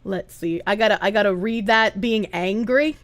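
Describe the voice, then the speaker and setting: A woman's voice: medium pitch, normal speed. A woman streamer chatting casually and giggling a lot as she reads out her chat.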